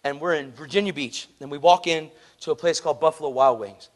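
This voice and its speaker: A man with a voice pitched a little above usual preaches by telling a story. He is earnest and conversational, calls people "man," and acts out the people in his tale. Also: fairly quick. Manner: animated storyteller acting out dialogue. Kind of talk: sermon storytelling.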